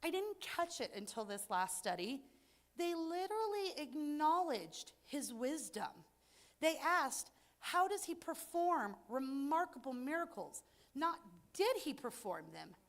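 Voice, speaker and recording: A woman's voice: high-pitched, very animated, measured pace. A woman teaching an adult Bible study in an earnest, reflective way that rises to emphatic points.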